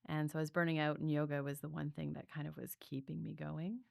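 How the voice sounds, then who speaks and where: A woman's voice: sits low, little pitch movement, fast, vocal fry, dry recording, studio quality. A woman breathwork coach telling her story in a podcast interview, earnest and reflective, with many fillers.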